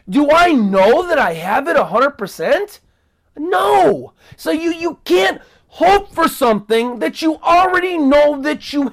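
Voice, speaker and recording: A woman preaching a fervent sermon, stressing words and drawing them out. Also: sits high. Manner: fervent, emphatic, drawn-out stresses.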